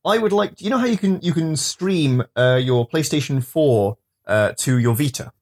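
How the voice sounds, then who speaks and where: A man's voice: fairly high pitch, expressive, normal speed, a little mellow. Chatty man, jokey co-host. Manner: jokey, acts out mock dialogue, frequent restarts. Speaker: podcast co-host. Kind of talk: casual chat.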